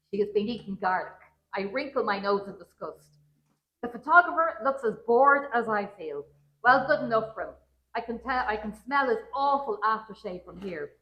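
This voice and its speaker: A woman's voice: fairly high pitch, a bit bright. Woman reading a wry story aloud. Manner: wry first-person storytelling voice. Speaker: children's author. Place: large roomy museum hall at a public event. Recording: roomy event hall.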